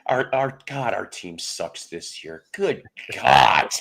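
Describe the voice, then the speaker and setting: A man's voice: low voice, big pitch swings, takes it slowly, vocal fry, fairly bright tone. A man in his fifties hosting a casual livestream, rambling through jokes and greeting viewers by name as he talks. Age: 50s. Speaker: livestream host.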